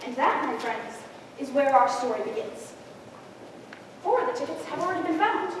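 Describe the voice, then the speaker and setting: Stage narrator: woman, very high voice, theatrical audience address, booming hall reverb. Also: lively intonation, normal speed. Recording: echoey hall from far off, noisy.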